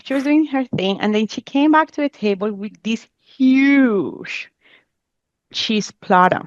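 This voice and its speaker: A woman, not a native English speaker, telling a funny story in a casual podcast chat, animated and laughing often as she acts out what people said. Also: on the high side, measured pace, dry recording, highs cut off. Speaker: podcast guest.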